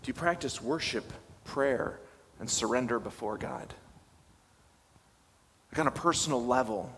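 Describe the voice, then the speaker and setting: A man's voice: medium pitch, unhurried, fairly bright tone, slight background noise. A young male pastor giving a conversational, self-deprecating sermon and putting questions to his listeners. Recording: reverberant hall with faint ambience.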